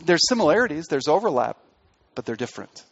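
A man preaching a sermon as pastor, pressing hard on key words and then dropping his voice low and quiet. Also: sing-song, fast, vocal fry, dull audio.

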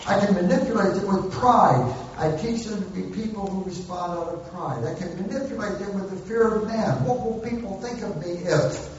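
A man's voice: sits high, moderate pace, slight background noise. A man preaching a sermon on parenting, acting out parent and child lines for humor. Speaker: pastor. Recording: very echoey hall, distant mic, dull sound.

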